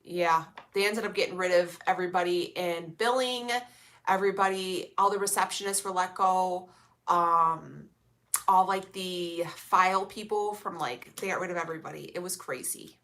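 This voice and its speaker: Sassy young woman streamer, crisp bright tone, blunt slangy chatter. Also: on the low side, fairly even intonation, moderate pace. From Illinois, USA. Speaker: vlogger reading live chat. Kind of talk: casual live-stream chat.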